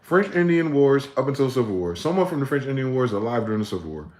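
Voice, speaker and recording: A man hosting a livestream, ranting with profanity, repeating words in chains and breaking into sudden high-pitched shouts. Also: very animated, quick pace. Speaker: livestream host. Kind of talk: livestream monologue.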